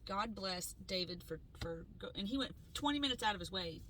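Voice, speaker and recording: Woman podcast host ranting through a story, bright voice, acts out everyone, swears a lot. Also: medium pitch, fairly quick, slight background noise, poor audio. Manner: animated, acts out quoted voices, swears freely. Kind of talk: casual storytelling chat.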